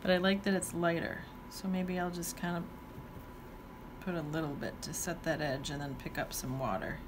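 A woman's voice: on the low side, fairly even intonation, normal speed, noisy background. A woman teaching watercolor, talking casually while she paints and thinking aloud with playful exclamations. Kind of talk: painting demonstration talk-along.

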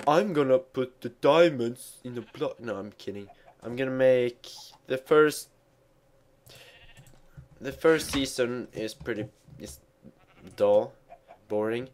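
A man's voice: medium pitch, slow pace, long pauses, slight background noise. A man giving casual let's play commentary while he plays, rambling and mocking himself with stumbling restarts. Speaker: gamer.

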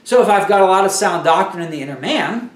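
A man's voice: high voice, expressive, fast, reverberant, distant mic. A man teaching a Bible lesson in a conversational sermon style, often restarting his sentences.

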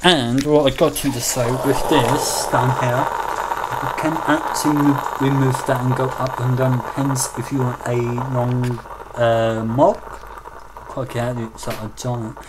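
A man's voice: medium pitch, flat delivery, takes it slowly, heavy background noise. A British man filming a casual home vlog on a handheld camera, rambling and hesitant with lots of ums. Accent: British English. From Britain. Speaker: vlogger reviewing a coffee machine.

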